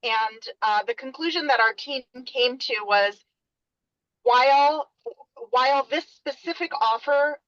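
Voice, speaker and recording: A woman's voice: high-pitched, measured pace, fairly bright tone, no room sound. A woman board leader asking a question on a call from her car while driving, hesitant with many fillers. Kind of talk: webinar question. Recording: dull, dry call audio.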